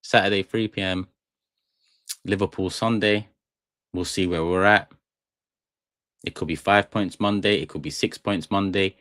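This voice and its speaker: A young man hosts a live stream, chatting to his viewers in a loose, rambling and jokey way. His voice sits low, and the close mic in the small studio sounds dry, with no room around it. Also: steady tone, measured pace, pauses often, a bit bright, no echo. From England. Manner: rambling, jokey, talks straight to chat. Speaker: fan channel live stream host. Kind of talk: casual live stream chat.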